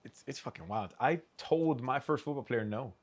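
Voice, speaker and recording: A man, a podcast guest, telling a story in an animated, casual way, swearing freely and acting out the lines of the people in it. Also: mid-range voice, normal speed. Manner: animated, swears, acts out quoted dialogue. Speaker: podcast guest, custom shoe artist.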